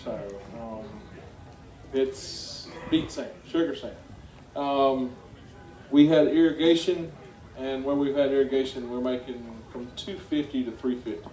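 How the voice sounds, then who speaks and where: Middle-aged farmer with a South Georgia accent, folksy, mellow, speaking from a distance in an echoey hall. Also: male voice, mid-range voice, steady tone, unhurried. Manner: folksy, chatty, asks the crowd questions. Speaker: farmer giving a talk. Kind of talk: speech to a live audience. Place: meeting hall before an audience. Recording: echoey room, heard from a distance.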